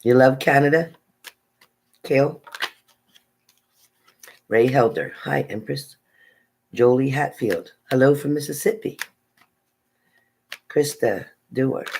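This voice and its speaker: A woman's voice: very deep voice, animated, takes it slowly, pauses often, a little mellow, a little hiss or hum, poor audio. A woman tarot reader chatting casually on a live stream, reading out viewers' names and sometimes stumbling over them.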